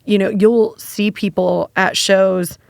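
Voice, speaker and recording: A woman's voice: mid-range voice, level tone, slow pace, creaky, a little mellow, no echo, studio quality. A woman chatting as a podcast guest, talkative and enthusiastic, with lots of "like". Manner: chatty, heavy use of "like", enthusiastic. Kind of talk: casual chat.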